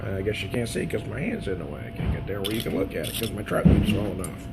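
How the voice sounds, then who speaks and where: A man's voice: lowish voice, fast talker, creaky, over loud music. A man losing his voice, chatting folksily and rambling while reviewing beer and food outdoors, laughing often. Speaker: beer vlogger. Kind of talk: casual video review. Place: outdoors at a trout farm restaurant.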